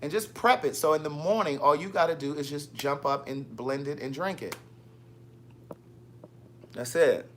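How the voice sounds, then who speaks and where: A man's voice: a little high, moderate pace, pauses often, fairly bright tone, slight background noise. A man hosting a casual livestream, chatting and teasing as he reads viewer comments. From Maryland. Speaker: livestream host. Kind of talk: casual live chat.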